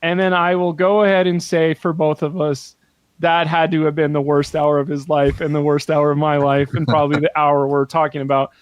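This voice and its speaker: A man co-hosting a podcast in casual chat, telling an animated story with laughter and swearing, close on the microphone. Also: fairly high pitch, brisk, clean tone, dry recording. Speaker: podcast co-host.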